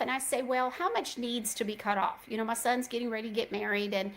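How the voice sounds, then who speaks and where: A woman's voice: on the high side, quick pace, fairly bright tone, poor audio. A middle-aged woman, hosting a show and telling a chatty story straight to her listeners. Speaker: host. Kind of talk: casual chat.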